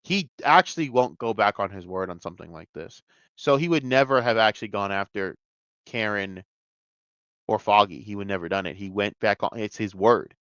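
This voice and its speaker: A man giving an excitable, profane review of a TV episode, jumping between near-shouts and mutters. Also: lowish voice, moderate pace, no echo, lo-fi sound. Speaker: TV show reviewer. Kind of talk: casual video review rant.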